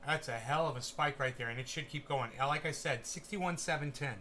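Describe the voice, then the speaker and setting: Excitable, profane man calling a live chart. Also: on the high side, a little fast, slight background noise. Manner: excitable, profane, talks straight to viewers. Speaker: crypto livestream host. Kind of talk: live market commentary to a chat.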